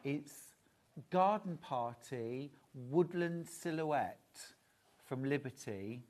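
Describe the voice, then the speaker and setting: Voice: mid-range voice, lively intonation, slow, darkish tone. Gushing shopping channel presenter. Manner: gushing, admiring, chatty asides. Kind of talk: live product presentation.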